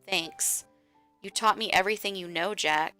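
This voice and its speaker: A woman's voice: fairly low pitch, normal speed, bright, forceful tone, smooth, faint music behind. A woman voicing an obsessive, tearful young woman who clings to the one she loves and pleads with him. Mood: adoring.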